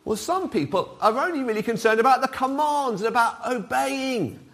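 Man, middle-aged pastor, all-age sermon, talks with the congregation, bright high voice. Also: normal speed. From Wales. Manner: lively, interactive, asks the congregation to join in.

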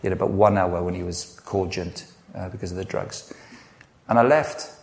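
A man's voice: deep voice, fairly even intonation, normal speed, gravelly. A middle-aged man preaching a sermon, earnest and conversational, telling personal stories with frequent restarts. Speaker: pastor.

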